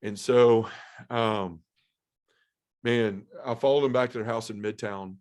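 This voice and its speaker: A man sharing an emotional personal testimony as a podcast guest, earnest and halting, with many fillers. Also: on the low side, fairly even intonation, a little mellow, clean tone. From Memphis area, US South.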